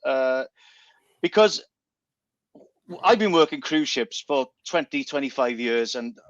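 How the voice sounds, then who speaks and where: A man's voice: medium pitch, animated, a little slow, no room sound, muffled recording. A middle-aged man, a guest entertainer chatting on the radio, telling stories animatedly and stumbling over repeated words. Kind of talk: casual radio chat.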